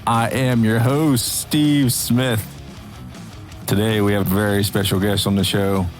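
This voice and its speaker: A man's voice: on the low side, level tone, a little slow, soft background music. A middle-aged man hosting a podcast, chatting casually and joking often with his guest. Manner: jokey, laughs often. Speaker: podcast host. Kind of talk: casual chat.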